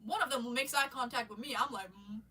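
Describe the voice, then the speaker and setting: A woman telling a rambling story on a live stream, casual and animated, swearing and laughing often. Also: high voice, quick pace, slightly rough. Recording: voice a bit far from the mic.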